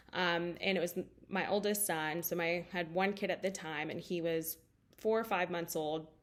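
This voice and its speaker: Candid, emotional woman telling a story. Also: fairly low pitch. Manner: candid and emotional, with many fillers. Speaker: life coach. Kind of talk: personal storytelling talk.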